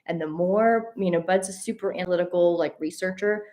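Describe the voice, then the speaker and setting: A woman telling a personal travel story in a casual, animated way. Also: on the low side, fairly quick. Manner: animated, addresses listeners as y'all. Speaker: host.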